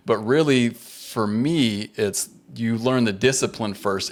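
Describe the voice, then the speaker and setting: A man with a fairly low voice talks in a relaxed podcast chat. He is careful and self-correcting, and often repeats a word while he searches for the right phrasing. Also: normal speed, vocal fry, few pauses. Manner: careful, self-correcting, restarts words when thinking. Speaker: podcast host. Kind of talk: casual conversation.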